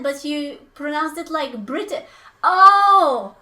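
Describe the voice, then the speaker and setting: A woman's voice: high voice, animated, takes it slowly, bright, forceful tone. A young woman, chatting playfully on a live cooking stream and breaking into silly sing-song noises. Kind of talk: casual live-stream chat while cooking.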